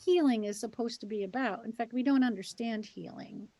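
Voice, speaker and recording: A woman host and healing practitioner speaking in an animated, casual way. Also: fairly high pitch, brisk, dry recording. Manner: animated, mocking tone in examples. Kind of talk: casual conversation.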